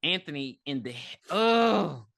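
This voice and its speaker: A woman's voice: low-pitched, sing-song, a little slow, vocal fry, fairly bright tone, no room sound, clean studio sound. Profane rambling woman recapping a movie. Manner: rambling, profane, with frequent ums and acted-out quotes. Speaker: podcast co-host. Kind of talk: casual movie recap chat.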